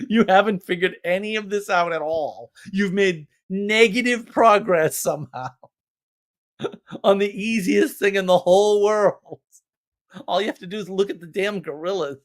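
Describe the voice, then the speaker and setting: Animated, exasperated man hosting a livestream. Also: high voice, normal speed. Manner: animated, exasperated, rambling with laughs. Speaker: livestream host. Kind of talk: casual livestream chat.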